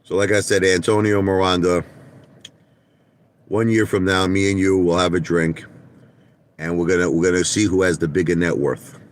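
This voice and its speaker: A man's voice: sits low, flat delivery, normal speed, pauses often. Profane ranting man, laughing. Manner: profane, laughing, acts out quotes in a raised voice. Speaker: vlogger. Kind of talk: casual rant to camera.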